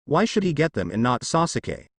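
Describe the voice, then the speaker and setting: A man's voice: fairly high pitch, very animated, moderate pace, dry recording, studio quality. A man voicing an indignant, demanding young female ninja in a fan story read aloud.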